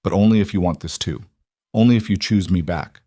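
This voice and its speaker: A man voicing a steady, protective widowed rancher in his thirties in a storybook western. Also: deep voice, brisk, slightly rough, no echo, clean studio sound. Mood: earnest.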